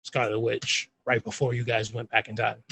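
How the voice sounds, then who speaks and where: A man co-hosting a casual chat, animated, retelling scenes in voices and swearing freely. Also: mid-range voice, moderate pace, vocal fry, slight background noise, low-quality recording. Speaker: podcast co-host.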